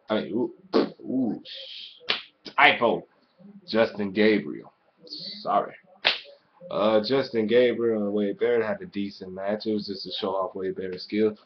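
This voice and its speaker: Swearing, excitable man reviewing wrestling. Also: on the low side, highs cut off. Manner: excitable, swears constantly, rants. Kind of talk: casual profane review rant.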